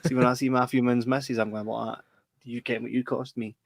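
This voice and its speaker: A Scottish man co-hosting a casual podcast, his voice at a middle pitch. He tells animated, sweary stories and laughs often. The sound is dry and close to the mic. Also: a little fast, vocal fry, no room sound. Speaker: podcast co-host. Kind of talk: casual chat.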